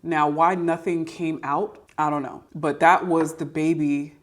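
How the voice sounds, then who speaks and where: A low-pitched woman tells her personal testimony. She talks in a candid, earnest, confessional way and repeats phrases for emphasis. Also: level tone, unhurried. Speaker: podcast host sharing testimony.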